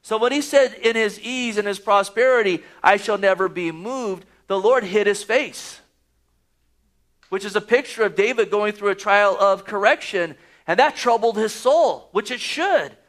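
A man's voice: high voice, normal speed, fairly bright tone. A man preaching a sermon, reading scripture aloud and pressing his points with rising emphasis. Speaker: pastor.

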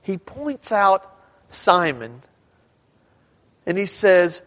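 A male pastor preaching a sermon, talking conversationally, firing rhetorical questions at the congregation and rising at times to a shout. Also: sits high, lively intonation, unhurried. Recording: reverberant hall.

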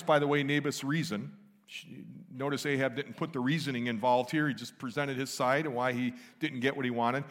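A man with a fairly high voice preaches, reading verses aloud and then unpacking them in relaxed, chatty terms. His voice rings with the long reverb of a large hall. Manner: casual, explains scripture in everyday terms. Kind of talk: sermon with Bible reading.

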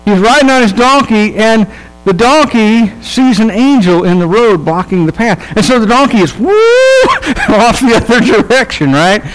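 A pastor giving a sermon in a relaxed, humorous storytelling manner, checking in with his listeners and acting out the people in the story. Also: high voice, moderate pace, slight background noise, low-quality recording. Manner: casual, humorous storytelling with quoted voices; conversational, checks in with the audience.

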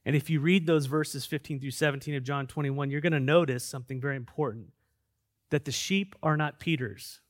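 A man preaching as a pastor, earnest and emphatic, dropping to quiet stretches and then building back up. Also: on the high side, steady tone, a little fast, dry recording, studio quality. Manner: earnest, emphatic preaching that swings between soft and loud. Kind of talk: sermon.

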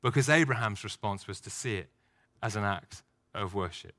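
A man's voice: on the low side, moderate pace, bright, forceful tone. A man preaching a sermon, telling a story and acting out short outbursts. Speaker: pastor.

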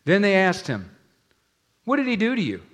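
This man's voice is high and moderately paced as he delivers a sermon. The pastor animatedly performs the scripture characters' voices and addresses questions directly to the congregation.

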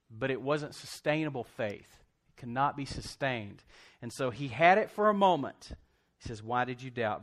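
A man's voice: medium pitch, a bit bright. A man preaching a sermon, telling the story conversationally and in a folksy way, acting out quotes and laughing often. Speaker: pastor.

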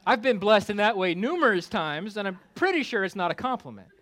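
A male pastor preaching a conversational sermon with self-deprecating humor, climbing louder for emphasis and dropping low for asides. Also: sing-song, a little fast. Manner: rises in pitch and volume for emphasis, drops low for asides.

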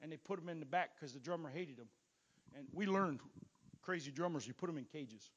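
A man's voice: on the high side, fairly quick, fairly bright tone, muffled recording. A pastor telling his testimony from the pulpit to a congregation, in a folksy, storytelling manner that stumbles into repeated words. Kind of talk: sermon testimony.

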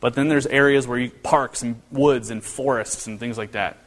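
A man's voice: medium pitch, steady tone, moderate pace. A man preaching a sermon as a pastor, talking in a conversational way with many rhetorical questions and restarts. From northern Kentucky. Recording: long reverb of a hall.

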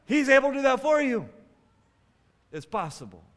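A man preaching a sermon as a pastor, swinging between loud exclamations and quiet asides. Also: very high-pitched, sing-song, moderate pace, long reverb tail.

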